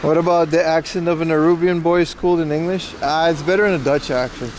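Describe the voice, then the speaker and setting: A man's voice: fairly high pitch, fairly even intonation, fast talker, background noise. A man livestreaming as he walks outdoors, chatting casually, rambling and opinionated as he answers his chat. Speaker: IRL livestreamer. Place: outdoors on city streets.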